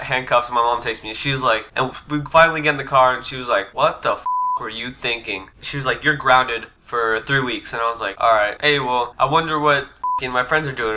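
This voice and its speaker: A man's voice: medium pitch, pushed and bright. A young man telling a personal story to his channel in a laid-back way, swearing and full of fillers. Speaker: vlogger. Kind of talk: casual storytime. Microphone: desk USB mic.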